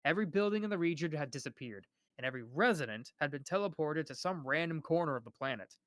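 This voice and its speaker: A man's voice: fairly high pitch, expressive, fast talker, a bit bright, no room sound, clean studio sound. A young man reading a novel aloud on a live stream, often stumbling over names and restarting words.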